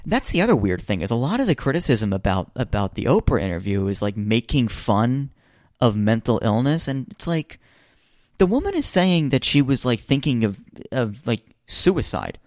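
Casting note: American man, casual podcast co-host, rambling and animated, pitch jumping high, dry close sound. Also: moderate pace, no echo. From United States. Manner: animated, rambling with many restarts. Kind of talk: casual chat.

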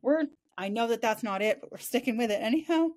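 A woman's voice: on the high side, expressive, fast, darkish tone. A woman hosting a podcast in casual chat, telling stories in a rambling way and swearing freely.

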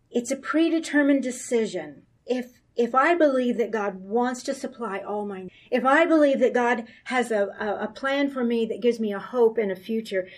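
A woman's voice: fairly high pitch, far from the mic. Earnest woman teacher, a bit off-mic. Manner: earnest, confiding, laughs softly between points. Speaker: women's Bible teacher. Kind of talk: sermon.

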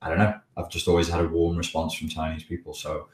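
Deep-voiced Scouse man with a blocked nose. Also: completely flat delivery, fast talker, echoey room, far from the mic, rough recording. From the Wirral, England. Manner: hesitant, many restarts, chuckles while talking. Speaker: livestream host answering chat questions. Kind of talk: casual live Q&A chat.

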